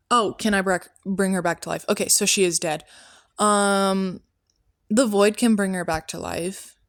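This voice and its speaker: A woman's voice: mid-range voice, fairly even intonation, a little slow, no room sound, studio quality. A woman hosting a comedy podcast in character as a prophet, talking in an offhand, rambling way with many tangents.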